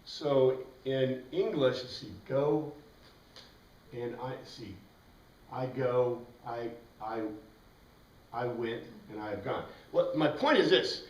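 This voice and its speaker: A man's voice: mid-range voice, slow pace. A man teaching a Bible class in a casual, rambling way, spelling out words letter by letter. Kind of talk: informal classroom lecture. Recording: roomy classroom heard from a distance.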